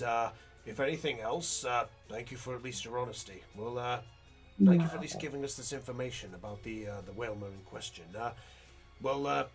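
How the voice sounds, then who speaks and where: A game master voicing a hesitant, apologetic male clerk in a low, quiet voice. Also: lightly acted. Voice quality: low, subdued. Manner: hesitant, full of fillers. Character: apologetic male official at a Pokemon center.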